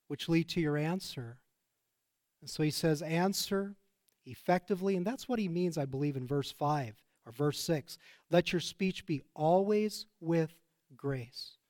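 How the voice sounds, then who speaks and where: A man's voice: on the high side, darkish tone, no room sound, studio quality. A middle-aged man, a pastor, preaching an earnest, emphatic sermon sprinkled with personal stories.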